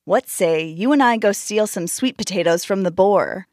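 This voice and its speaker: A woman voicing a sly, scheming male hare trickster in a storybook tale, smooth and wheedling. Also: medium pitch, animated, moderate pace, a little mellow, no echo, studio quality, close to an everyday voice.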